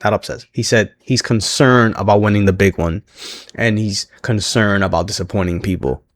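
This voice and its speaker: A man with a fairly low voice chats his way through a wrestling recap, laughing often and slipping into quick, lively quotes of what was said. The sound is dry and close, with no room around it. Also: no echo. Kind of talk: casual recap commentary.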